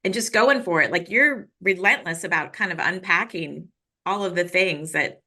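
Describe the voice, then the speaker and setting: A woman hosting an interview, affirming her guest and talking quickly. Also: fairly low pitch, sharp tone. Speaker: interview host. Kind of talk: conversational interview.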